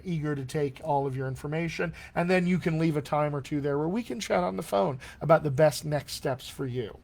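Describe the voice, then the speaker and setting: A man coaching accents in a live-streamed Q&A, chatty and enthusiastic, often clearing his throat from allergies. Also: a little high. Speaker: dialect coach.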